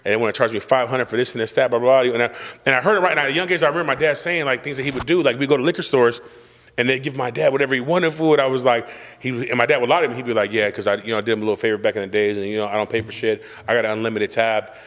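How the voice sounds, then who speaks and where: A man's voice: medium pitch, very fast, a bit bright, long reverb tail. A young man hosting a casual chat, telling a boastful, profane, slang-heavy story. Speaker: podcast host telling a story.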